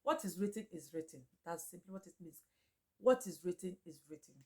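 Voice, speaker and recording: A woman runs a relaxed language lesson in a fairly low voice. She says each word again and again at an unhurried pace and laughs often as she talks. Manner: chatty, repeats each name slowly, laughs often. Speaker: Igbo language teacher. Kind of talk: casual spoken lesson.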